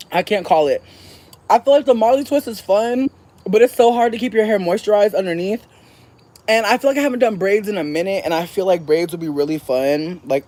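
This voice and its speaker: A woman streamer chatting casually with her viewers, swearing freely and laughing loudly. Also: low-pitched. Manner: profane, animated, laughs loudly. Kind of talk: casual chat.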